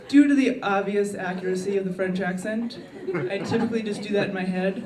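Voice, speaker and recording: A woman's voice: mid-range voice, brisk, few pauses, recorded from a distance, heavy background noise. Wry woman comic in an echoey club. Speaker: stand-up comedian. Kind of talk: stand-up routine. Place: comedy club. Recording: echoey club miked from afar, crowd laughter.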